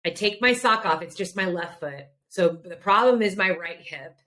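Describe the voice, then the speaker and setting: A woman's voice: on the low side, moderate pace. A middle-aged woman hosting a podcast, telling a story in a casual, emphatic way and laughing now and then. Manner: animated, emphatic, laughs while recounting. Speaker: podcast host.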